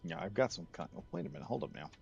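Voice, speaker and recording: A man's voice: lowish voice, very animated, racing, creaky, a little mellow, lo-fi sound. A man from the United States giving rambling, chatty commentary while streaming a game, laughing easily. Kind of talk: casual gameplay commentary.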